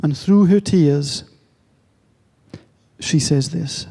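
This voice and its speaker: Slow, mellow-voiced man telling a story. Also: sits high, animated. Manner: slow, measured storytelling with long pauses. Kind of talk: slow, reflective storytelling talk.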